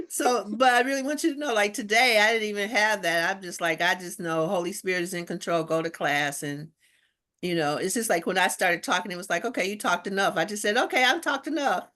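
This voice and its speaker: A woman's voice: medium pitch, moderate pace. A woman, a guest minister, chatting casually with slangy, spiritual talk and acting out the voices of people in her stories. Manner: animated storyteller, acts out quoted voices. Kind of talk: casual chat.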